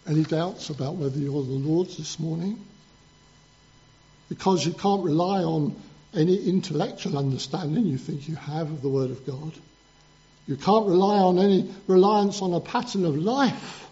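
Earnest preacher with a high, mellow voice. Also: male voice, moderate pace, dull audio. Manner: earnest, emphatic, building up lists. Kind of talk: sermon.

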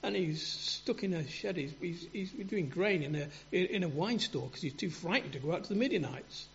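Male preacher, earnest and halting; lively high voice, dull lo-fi recording. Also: a little hiss or hum. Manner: earnest, halting with many repeats and restarts. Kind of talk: sermon. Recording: dull lo-fi sound.

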